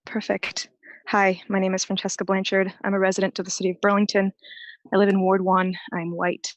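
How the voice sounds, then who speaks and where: A woman's voice: medium pitch, completely flat delivery, fairly quick, dry recording, poor audio. A woman giving an earnest, prepared public comment at a council meeting over a remote call-in line, a little out of breath.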